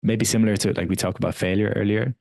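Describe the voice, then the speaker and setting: A deep-voiced man talks quickly and candidly, in the loose, filler-strewn way of a podcast guest telling his own story. His voice sounds dry and close, with no room around it. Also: steady tone, vocal fry, darkish tone, no room sound. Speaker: wellness coach guest. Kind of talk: casual podcast conversation.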